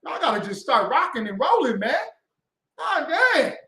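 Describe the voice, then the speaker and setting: A man preaching a heated, mocking street sermon, acting out voices and bursting into shouts. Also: very high-pitched, very animated, normal speed, reverberant, poor audio.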